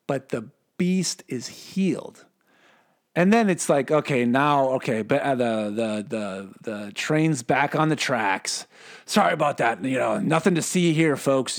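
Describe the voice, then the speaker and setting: A man giving a casual Bible teaching in a rambling, joking way, correcting himself often and asking rhetorical questions. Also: mid-range voice.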